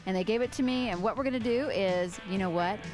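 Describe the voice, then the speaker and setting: A woman's voice: medium pitch, fast, music in the background. A woman co-hosting a live call-in radio show, bubbly and chatty as she walks through a website. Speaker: co-host. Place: radio studio.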